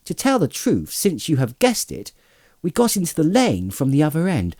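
A man voicing a cheerful young male hobbit who talks in a bright, polite, quick manner. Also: a little high, wildly swooping pitch, pitched above the performer's own voice, exaggerated voice. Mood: eager.

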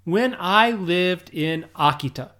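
An English teacher with an American accent talks through a podcast lesson for learners. The delivery is slow and unhurried, each point laid out step by step, with frequent small check-ins aimed at the listener. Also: mid-range voice, animated, bright, forceful tone. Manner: slow, deliberate explaining, often checks in with "right?".

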